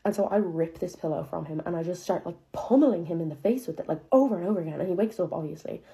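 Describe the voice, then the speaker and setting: Young woman, casual storytime, low mellow voice, profane and chatty, dramatic disbelief. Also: fast talker. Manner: profane, chatty, heavy use of filler "like"; incredulous, dramatic retelling.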